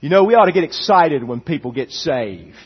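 A man's voice: fairly high pitch, lively intonation, fairly quick, breathy edge, lo-fi sound. A man preaching a sermon as pastor, with impassioned, repeated emphatic phrases.

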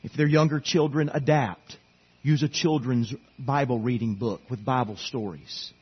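In a church sanctuary, a middle-aged man pastoring the congregation delivers a sermon of earnest, pleading, repeated exhortation. His voice is medium-pitched, steady and slightly rough at a moderate pace, heard through dull audio.

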